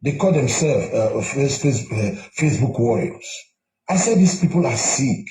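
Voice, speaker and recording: Man, old commentary clip, indignant and dismissive, mellow voice, echoey room. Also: medium pitch, sing-song, moderate pace. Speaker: online political commentator. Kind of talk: political commentary in an old video.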